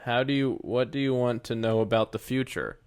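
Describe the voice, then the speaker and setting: A man's voice: mid-range voice, a little fast, darkish tone, clean tone. A young man co-hosting a podcast, chatting casually, rambling and joking with frequent laughs. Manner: rambling, jokey, laughs often. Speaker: podcast co-host. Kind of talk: casual chat.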